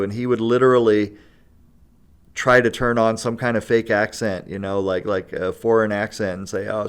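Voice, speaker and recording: A guest storyteller on a casual podcast spins a long tale in a fairly low, clean-toned voice, laughing often and checking in with "right?" and "you know."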